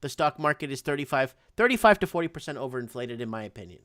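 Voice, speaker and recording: A man's voice: medium pitch, very animated, fast talker, a bit bright. A man hosting a casual chat, talking in a rambling, loose, slangy way. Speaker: host.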